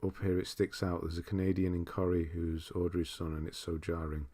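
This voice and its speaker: A man with a mild northern English accent, hosting a casual livestream, reading viewer comments aloud and chatting in a relaxed, rambling way with frequent chuckles. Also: low-pitched, a little fast. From northern England. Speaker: streamer host.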